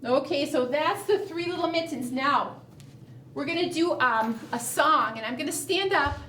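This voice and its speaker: A children's librarian leading a preschool storytime, coaxing young children in an animated, encouraging way. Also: female voice, high-pitched, normal speed. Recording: roomy, from a distance, faint noise.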